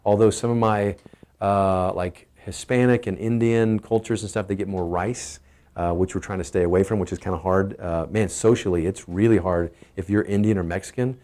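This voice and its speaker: A man's voice: low-pitched, normal speed. Brief: middle-aged Texan man, punchy wellness talk, keeps throwing questions at the listener. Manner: energetic, emphatic, asks the audience questions. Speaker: chiropractor giving family health talk. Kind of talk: casual health talk to patients.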